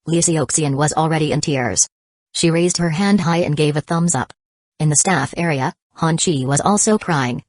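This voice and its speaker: A woman narrating an audiobook in a steady, even reading style. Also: sits low, moderate pace, no echo. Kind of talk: scripted narration.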